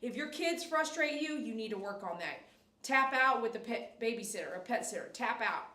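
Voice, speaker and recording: A woman's voice: fairly high pitch, animated, moderate pace, bright, forceful tone, distant mic. Emphatic middle-aged woman groomer, echoey room. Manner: emphatic, repetitive coaching, coaxing with the dog. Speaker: dog groomer. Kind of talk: live-stream grooming chat and advice. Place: grooming salon.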